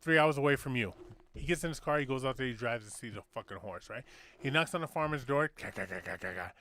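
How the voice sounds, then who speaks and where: A man's voice: medium pitch, fast, pushed and bright, slight background noise. A man hosting a casual talk show, telling a crude joke with lots of swearing and restarts. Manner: profane, rambling, restarts a lot. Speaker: podcast host.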